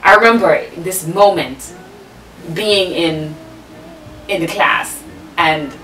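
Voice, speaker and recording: A woman's voice: deep voice, fairly bright tone, echoey room, recorded from a distance, poor audio. A woman telling her life story in an interview, frank and emphatic, swearing freely, with lyrical phrasing. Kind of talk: candid personal storytelling.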